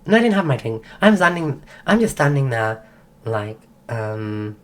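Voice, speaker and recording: A woman with a strikingly deep voice tells a long, rambling story on a stream, full of "like" and false starts. She is sick and her voice is going. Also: big pitch swings, unhurried. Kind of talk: casual storytelling.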